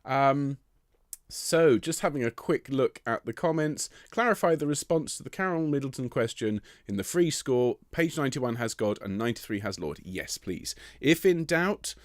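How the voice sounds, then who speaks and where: A choir director leading an online soprano rehearsal, giving encouraging instructions, counting in and singing short phrases to demonstrate. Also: male voice, animated, normal speed, no room sound, studio quality. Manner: sings demonstration phrases in a high voice.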